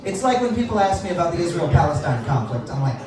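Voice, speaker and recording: A man's voice: fairly high pitch, big pitch swings, fast, very echoey, recorded from a distance, a crowd in the background, poor audio. A man doing a stand-up comedy set in a club, self-deprecating and laughing at his own jokes.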